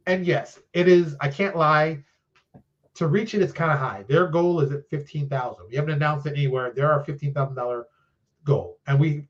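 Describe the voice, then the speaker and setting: Animated, chatty man on a lo-fi call. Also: on the high side. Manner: animated storyteller who acts out quoted conversations; chatty, loose and self-deprecating. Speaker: game designer and publisher guest. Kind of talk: casual live-stream interview chat.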